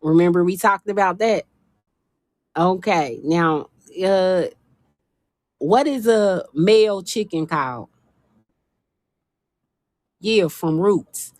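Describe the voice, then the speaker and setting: Woman chatting on a phone livestream, animated and folksy, teasing, dry close sound. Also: fairly low pitch, takes it slowly, pauses often, no room sound. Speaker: livestream host. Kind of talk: casual livestream chat.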